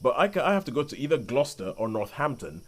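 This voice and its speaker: A man's voice: medium pitch, big pitch swings, fast talker, a little hiss or hum. A man co-hosting a film podcast, chatting casually and wryly. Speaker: podcast co-host.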